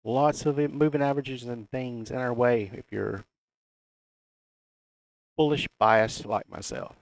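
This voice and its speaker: Folksy Southern man with a gravelly voice. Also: medium pitch, fairly even intonation, unhurried, dry recording. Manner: folksy, reads price levels aloud. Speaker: crypto chart analyst. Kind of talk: casual chart commentary.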